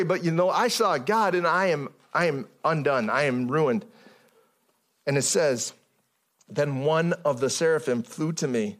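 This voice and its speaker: A male pastor delivers a sermon in a loose, chatty way, breaking off sentences and starting again. His voice sits a little higher than most men's, and it climbs when he leans into a point. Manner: conversational preaching with many restarts and fillers.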